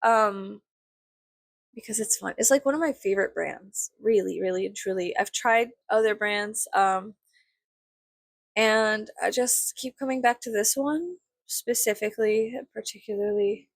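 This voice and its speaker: A woman's voice: medium pitch, unhurried, vocal fry, dry recording. A young woman from South Texas chatting casually to camera, rambling with lots of "like" and swearing freely. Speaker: vlogger.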